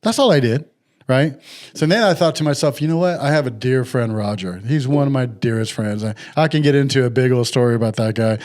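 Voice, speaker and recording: A middle-aged man telling a story in casual podcast chat, animated and acting out the people he quotes. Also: mid-range voice, brisk.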